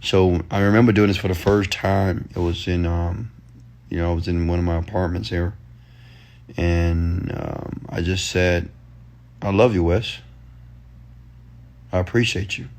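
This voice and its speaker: An entrepreneur and motivational speaker delivers a rant in loose, slangy language, pushing his audience with repeated commands. His voice is low, level and darkish, and he speaks a little slowly.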